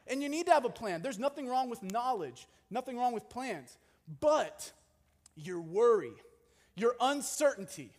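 A young man preaching a sermon in a conversational, animated way with jokey asides. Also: very high voice. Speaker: pastor. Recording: long hall reverb.

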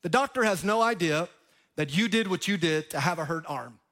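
A pastor preaches from the pulpit, his voice high for a man, expressive and fairly quick. He drives points home with sudden loud bursts and quiet drops, and jokes playfully with the crowd.

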